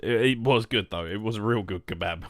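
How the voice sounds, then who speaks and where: Low-voiced man rambling on stream. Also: brisk, no room sound, studio quality. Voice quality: low monotone voice. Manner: rambling, jokey, reacting to chat. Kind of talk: casual gameplay stream chat.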